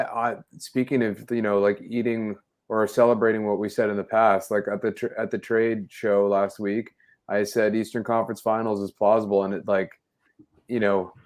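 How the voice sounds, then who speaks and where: A man's voice: fairly low pitch, darkish tone. A man co-hosting a casual sports talk show, giving rambling, enthusiastic game analysis. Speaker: podcast co-host.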